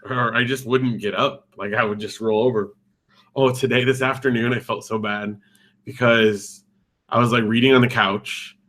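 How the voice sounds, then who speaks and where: This is a podcast co-host, a man in his thirties whose mid-range voice is steady, fairly bright, and moderately paced. His talk is casual and rambling, packed with fillers and restarts.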